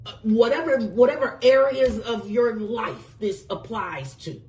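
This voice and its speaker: A woman's voice: a little high, unhurried, darkish tone, far from the mic. A woman giving a casual tarot reading, emphatic and effusive, swearing freely and calling the listener pet names. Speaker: tarot reader.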